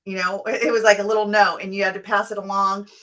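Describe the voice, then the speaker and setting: A woman's voice: medium pitch, little pitch movement, quick pace, fairly bright tone. A woman co-hosting a casual talk show, chatting in a reflective way and recalling stories from childhood. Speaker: co-host.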